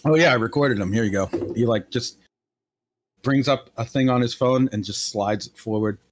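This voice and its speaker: A man's voice: medium pitch, moderate pace. A man playing a tabletop role-play game, talking in and out of character in a crude, rambling way full of laughs and fillers. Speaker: player.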